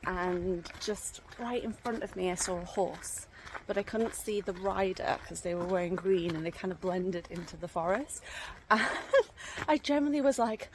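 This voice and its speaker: A woman's voice: fairly low pitch, moderate pace, noisy background. A woman vlogging outdoors as she walks a forest trail, chatty and laughing as she tells her story. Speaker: walking vlogger. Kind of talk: casual vlog storytelling.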